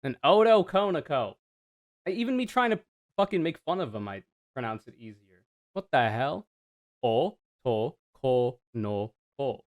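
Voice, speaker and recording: Male streamer, high-ish and very lively voice, sarcastic and profane reaction commentary. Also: moderate pace. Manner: sarcastic, animated, swears freely.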